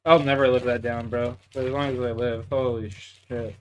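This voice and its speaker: During a casual live stream of his gameplay, a young man from Canada talks with viewers, laughing often, swearing, mocking himself, calling them bro and dude, and muttering while he plays. His mid-range voice is level and moderately paced, with slight background noise.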